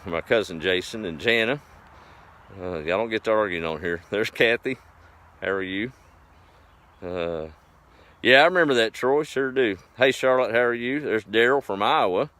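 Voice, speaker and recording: A man's voice: fairly low pitch, fairly bright tone. An older man, chatting casually and folksily on a live stream, greeting viewers by name. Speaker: host of a live farm stream.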